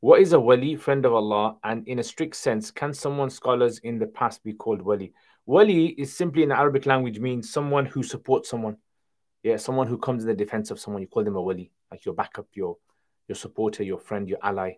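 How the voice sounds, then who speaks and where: A man hosting a casual livestream Q&A, reading viewer questions aloud and answering them in a relaxed conversational way. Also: mid-range voice, a little fast. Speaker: Islamic Q&A livestream host.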